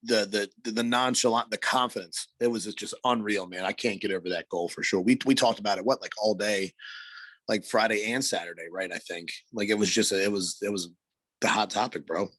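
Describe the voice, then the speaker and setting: A man co-hosting a hockey podcast in casual chat, slightly raspy from allergies, talking loosely with lots of filler and slang. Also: fairly low pitch, brisk, fairly bright tone, no echo. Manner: loose, rambling, heavy filler words and slang. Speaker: podcast co-host.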